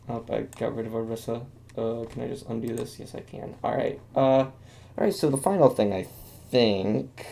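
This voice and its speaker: Gravelly young man rambling casually. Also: mid-range voice, mellow. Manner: rambling, self-deprecating, many fillers. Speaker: video game commentator. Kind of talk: casual commentary while drawing.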